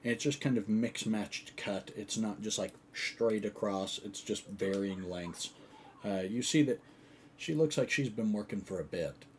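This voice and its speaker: Man, game master, low voice, casual descriptive narration. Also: unhurried, slight background noise.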